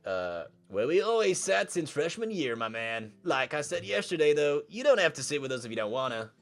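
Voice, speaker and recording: A man doing a loud, chummy teen bro. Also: fairly high pitch, big pitch swings, brisk, creaky, soft background music, pitched above the performer's own voice, full character voice. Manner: loud, upbeat, pally. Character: friendly energetic teen boy, chummy bro.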